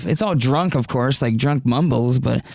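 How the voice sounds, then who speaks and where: A man's voice: medium pitch, moderate pace, creaky, darkish tone, no echo, clean studio sound. Rambling young man telling a story. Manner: rambling, profane, many fillers. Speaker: podcast guest. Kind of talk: casual storytelling.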